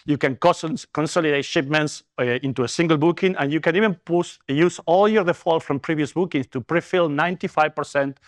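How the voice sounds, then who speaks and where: A man's voice: a little high, a little fast, hardly any pauses, dry recording. A man with a Latin American accent presenting at a business conference, earnest and upbeat, with fillers and self-corrections. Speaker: company executive presenter.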